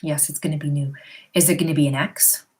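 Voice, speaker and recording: A woman's voice: sits low, fairly even intonation, a little fast, a little mellow. A middle-aged woman at home giving tarot readings to viewers on a live stream, reading their questions aloud and answering in a chatty, reassuring way. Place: her home. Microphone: computer or phone on a live stream.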